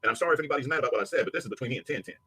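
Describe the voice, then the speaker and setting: A man's voice: fairly high pitch, expressive, very fast, gravelly, pushed and bright, breathy edge, dry recording. A man delivering a profane, aggressive rant at a rival streamer, hurling insults. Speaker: livestreamer. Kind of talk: angry rant.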